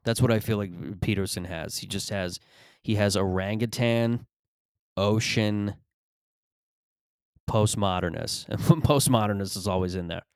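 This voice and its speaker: Low-voiced man rambling comedy monologue. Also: a little slow, long pauses, clear, resonant tone, no room sound. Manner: rambling, profane, self-deprecating. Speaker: comedian host.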